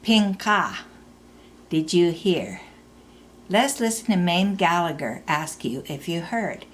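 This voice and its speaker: A woman teaching a recorded language lesson, explaining slowly and repeating example phrases. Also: lowish voice, sing-song, slight background noise.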